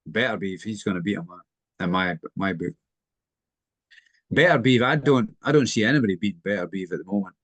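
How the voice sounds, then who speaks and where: A man's voice: fairly low pitch, a little fast, fairly bright tone, no room sound. A man, rambling through boxing memories in a casual podcast chat, often ending lines with a question. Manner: rambling, questioning tag ends.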